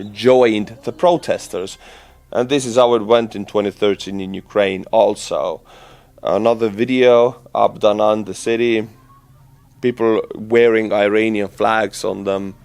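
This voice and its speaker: A man with an Estonian accent giving casual, animated news commentary to his channel audience, talking conversationally with frequent fillers and restarts. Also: fairly low pitch, unhurried.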